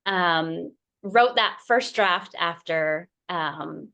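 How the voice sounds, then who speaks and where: Slow-talking, effusive woman author. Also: lowish voice, gravelly, sharp tone, dull audio. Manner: emotional and effusive, with many pauses and fillers. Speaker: picture book author, guest. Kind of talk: casual interview chat.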